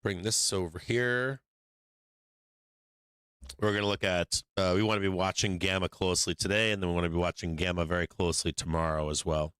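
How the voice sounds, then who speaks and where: Low, bright-toned man on a market stream. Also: steady tone, brisk, clean tone, no echo. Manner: rambling, restarts often, drifts off mic while working screens; casual and profane. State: has the hiccups. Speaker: stock market livestream host. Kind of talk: casual live market commentary.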